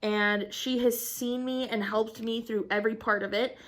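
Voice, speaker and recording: With a steady, somewhat bright voice on the high side and a moderate pace, she chats casually and emphatically as a crafting vlogger. In her twenties and excited, she laughs a lot and swears occasionally.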